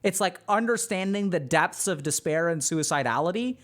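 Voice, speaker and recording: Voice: medium pitch, animated, moderate pace, a bit bright. Psychiatrist explaining to viewers. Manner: explanatory, addresses viewers directly. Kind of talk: reaction commentary on a TV show.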